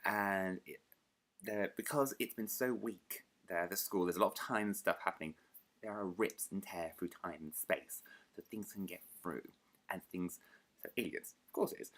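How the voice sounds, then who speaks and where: A young man with a British accent and a deep, low voice talks casually to his viewers. He rambles from point to point and stops to correct himself. He pokes fun at his own slips. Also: fairly bright tone. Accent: British English. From United Kingdom. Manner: chatty, self-deprecating, rambling with restarts. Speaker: book vlogger. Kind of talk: casual chat to camera.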